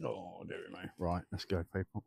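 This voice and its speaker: This ghost-hunting livestream host speaks in a low, gravelly, slightly rough voice that's a little mellow, with a flat delivery at normal speed. Outdoors at night by old railway tracks, he rambles, jokes and greets viewers by name, throat sore and dry. No echo is present.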